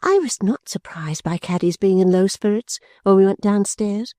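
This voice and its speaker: A woman narrating a classic novel in the first person with measured, clear storytelling. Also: medium pitch, dark tone, no echo, studio quality. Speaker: audiobook narrator.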